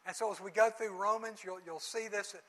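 Bright-voiced high man teaching a sermon. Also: a little fast, poor audio. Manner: lively storytelling with voices and jokes. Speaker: Bible teacher. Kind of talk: sermon with stories and prayer.

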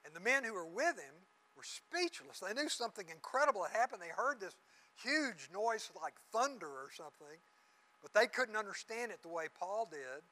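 A man's voice: high voice, normal speed, rough recording. A man preaching a sermon, telling the story vividly and acting out the people he quotes. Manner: animated storytelling, acts out quotes. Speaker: pastor.

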